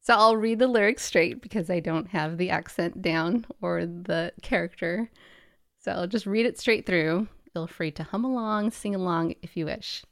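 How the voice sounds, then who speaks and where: A woman's voice: on the low side, normal speed, no room sound, studio quality. A woman co-hosting a podcast in casual chat, musing aloud as she talks. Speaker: podcast co-host.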